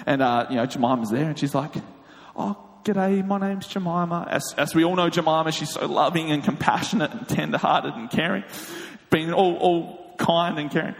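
Aussie guy telling a funny story, high voice, big hall echo. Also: a little fast, creaky. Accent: Australian. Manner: animated, laughing asides. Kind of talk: comic storytelling. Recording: long hall reverb.

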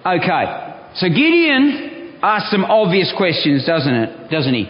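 High-voiced male pastor preaching. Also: unhurried. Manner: animated preaching, reading scripture aloud with frequent restarts. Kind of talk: sermon. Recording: echoey hall, dull sound.

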